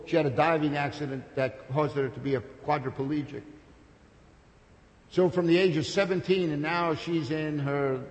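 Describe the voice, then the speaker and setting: A man preaching a sermon with passion, building to loud peaks and then dropping to soft, intimate storytelling. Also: a little high. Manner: impassioned, builds to shouts, then drops soft. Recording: long hall reverb.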